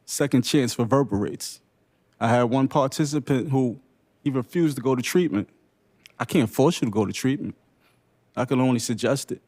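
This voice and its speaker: Young guy telling his own story at a panel, earnest and emotional, halting little phrases. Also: mid-range voice, a little mellow. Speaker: panelist sharing lived experience. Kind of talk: unscripted personal testimony at a briefing.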